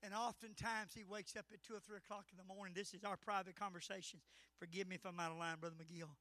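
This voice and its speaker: A middle-aged man delivers a Pentecostal sermon in a very high, strikingly bright voice. He climbs to shouted peaks and then falls back to quiet confidences. The sound is close and dry, with little room echo. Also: flat delivery, fast talker. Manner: swings between shouted climaxes and hushed asides. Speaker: pastor. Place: church service.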